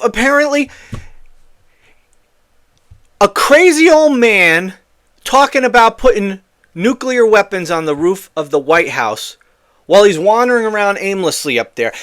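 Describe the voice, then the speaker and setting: A man hosts a political commentary show, ranting in a heated and exasperated way with frequent swearing. His voice sits high and swings widely in pitch, full of indignant emphasis. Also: fairly bright tone.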